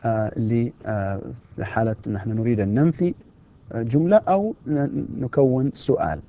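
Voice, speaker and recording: A man teaching a recorded university grammar lesson. He mixes explanations with English and reads slow example sentences, raising his tone sharply on the questions. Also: mid-range voice, warm tone, dull audio. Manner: switches between Arabic and English, slow model sentences with a rising question tone. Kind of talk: distance-learning grammar lecture.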